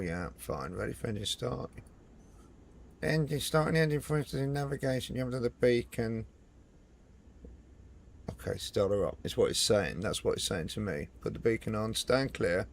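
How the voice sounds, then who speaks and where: A man's voice: on the low side, lively intonation, moderate pace, vocal fry, slight background noise. A man streaming a flight simulator, chatting casually and muttering in frustration at his plane. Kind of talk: casual live-stream commentary.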